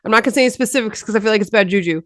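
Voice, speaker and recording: A woman's voice: medium pitch, very fast, no room sound, studio quality. A woman co-hosting a casual podcast chat, playful and teasing. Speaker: podcast co-host.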